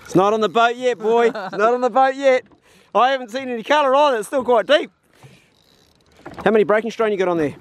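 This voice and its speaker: A man giving excited, encouraging commentary while fishing from a boat, whooping at each catch. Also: very high voice, brisk. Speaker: fishing channel host. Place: outdoors on a small fishing boat.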